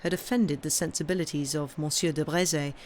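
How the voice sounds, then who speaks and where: A woman reading a classic novel aloud on a live stream, in a steady storytelling voice. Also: low voice, fairly quick, a little hiss or hum.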